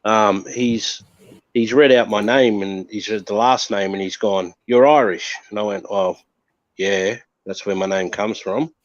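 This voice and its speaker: A man's voice: fairly low pitch, fairly even intonation, unhurried, no echo, muffled recording. Slangy man telling a story. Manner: easygoing, slangy, many ums. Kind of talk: casual storytelling.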